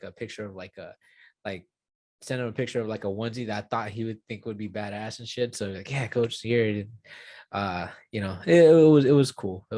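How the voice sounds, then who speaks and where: A man's voice: lowish voice, a little mellow, no echo. Casual young man rambling, dry sound. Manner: rambling, many fillers and restarts, swears casually. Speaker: UFC fighter. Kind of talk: casual interview talk.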